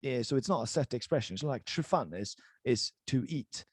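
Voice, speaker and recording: A man's voice: mid-range voice, animated, brisk, slightly rough, no room sound. A man teaching a live online language class over a video call, in a casual, encouraging way with many fillers.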